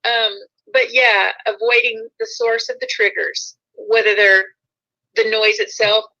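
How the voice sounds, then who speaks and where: A woman with a fairly high, bright voice hosts a casual talk show, speaking at a measured pace with a flat yet forceful delivery. She rambles a bit, corrects herself as she goes, and laughs often. The recording sounds muffled and lo-fi.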